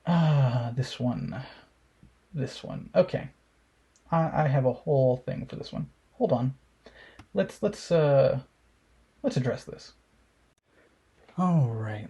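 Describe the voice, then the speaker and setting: Profane, mocking young man with a mellow voice. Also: mid-range voice, measured pace, pauses often, slightly rough. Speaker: commentator reacting to memes. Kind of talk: casual commentary.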